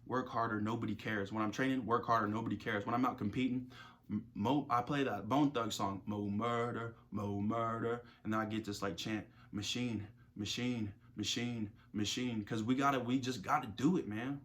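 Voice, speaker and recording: A man's voice: mid-range voice, steady tone, a little fast, fairly bright tone. A young man speaking to camera as a self-improvement creator, giving a casual motivational talk full of slang and repeated phrases.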